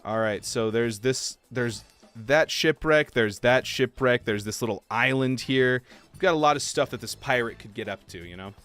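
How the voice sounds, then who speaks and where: A man chatting casually while live-streaming a game, talking to viewers and laughing softly. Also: mid-range voice, a little fast, clear, resonant tone, faint music behind. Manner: chatty, animated, soft laughs. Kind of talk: casual livestream gameplay chat.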